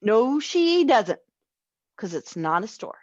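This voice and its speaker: A woman's voice: fairly high pitch, very animated, slow, no room sound, lo-fi sound, exaggerated voice. A woman doing an imaginative little boy. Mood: playful.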